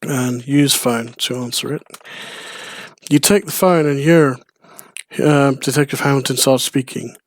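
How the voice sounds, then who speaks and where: A man's voice: medium pitch, a little slow, long pauses, no room sound. Playful man giving game commentary. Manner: playful, chuckling, rambling asides. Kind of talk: let's play commentary.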